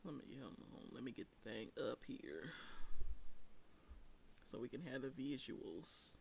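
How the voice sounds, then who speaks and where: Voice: mid-range voice, expressive, gravelly, a little hiss or hum. Chatty laughing recap host. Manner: chatty, laughing, drawn-out asides, calls listeners honey. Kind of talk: casual reality TV commentary.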